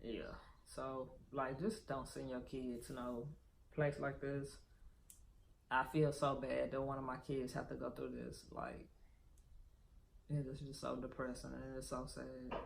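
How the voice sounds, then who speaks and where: A man records an emotional personal vlog, rambling and cursing freely as he opens up. His voice carries a rough, gravelly fry. The recording has a steady hiss of background noise. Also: medium pitch, measured pace, poor audio. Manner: rambling, profane, candid. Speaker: vlogger.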